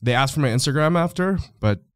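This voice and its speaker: A man spinning a casual story on a podcast in a middle-pitched voice, rambling and stacking fillers as he goes. He is recorded dry and close, with no room sound. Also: animated, fast talker, clean tone, dry recording. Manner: rambling, filler-heavy, acts out quoted voices. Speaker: podcast guest.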